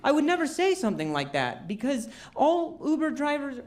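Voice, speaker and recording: A man's voice: very high-pitched, wildly swooping pitch, normal speed, roomy sound, heavy background noise. A man with a stutter performing a self-deprecating stand-up comedy set on a club stage. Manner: self-deprecating, wry storytelling with comic outbursts.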